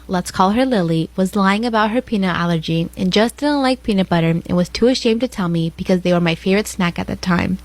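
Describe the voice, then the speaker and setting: A woman narrating a scripted confession story in an even, read-aloud tone. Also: mid-range voice, rough recording.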